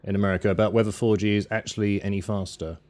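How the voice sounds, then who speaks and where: A man's voice: lowish voice, racing. A man co-hosting a casual tech chat, joking and telling stories. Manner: joking, animated storytelling. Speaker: podcast co-host.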